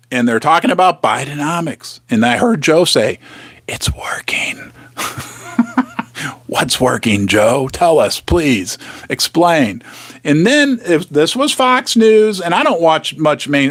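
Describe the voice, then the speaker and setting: A man's voice: a little high, no room sound. A man hosting a casual live stream, chatty and teasing, sometimes dropping to a whisper for effect. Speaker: host of a precious-metals live stream. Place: home basement studio.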